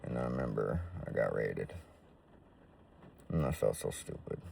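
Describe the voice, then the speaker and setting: A man's voice: a bass voice, expressive, a little slow, gravelly, darkish tone, recorded from a distance, a little hiss or hum. A man telling his own life story in a casual, slangy, profane way.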